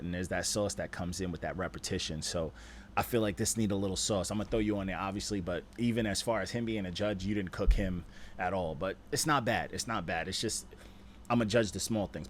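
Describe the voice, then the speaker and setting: A man's voice: deep voice, slight background noise. Laid-back man judging rap verses. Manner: animated, laid-back slang, repeats "you know what I'm saying". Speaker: rap judge and stream host. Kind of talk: casual critique of rap submissions.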